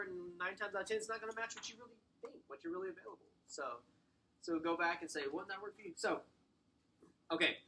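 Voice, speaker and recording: A man giving a sales training talk to a small room, acting out client scripts and slowly stressing short commands. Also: high voice, sharp tone, slight background noise, poor audio. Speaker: real estate sales trainer.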